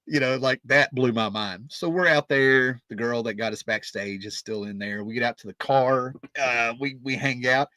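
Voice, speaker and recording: A man's voice: mid-range voice, normal speed, hardly any pauses, sharp tone, no echo. A man in his fifties telling a rambling, casual story as a music vlogger, often checking in with "right?" and "you know".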